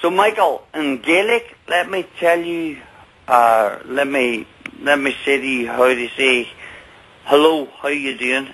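A man in his forties with a Northern Irish accent, calling in to a radio talk show and speaking earnestly, with some halting pauses. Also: mid-range voice, a bit bright, husky. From Northern Ireland. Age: 40s. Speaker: caller. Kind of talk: radio call-in chat. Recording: phone line on radio.

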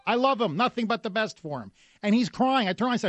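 A man with a notably high voice hosts a talk radio show, ranting in a combative, sarcastic way. His voice sits very close and dry, with no room sound around it. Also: expressive, fairly quick, no room sound. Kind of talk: opinionated talk radio monologue.

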